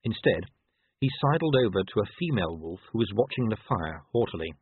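A man narrating an audiobook in a lively, expressive storytelling manner. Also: lowish voice, brisk, breathy edge, dry recording. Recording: tinny lo-fi dry recording.

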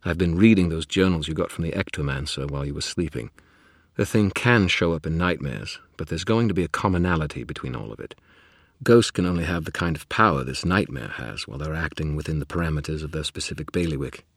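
A man's voice: a bass voice, expressive, fast talker, husky, no echo, clean studio sound, full character voice. A man reading an audiobook and voicing a chatty, know-it-all male spirit who rambles and wisecracks. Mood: lecturing. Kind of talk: audiobook character voice.

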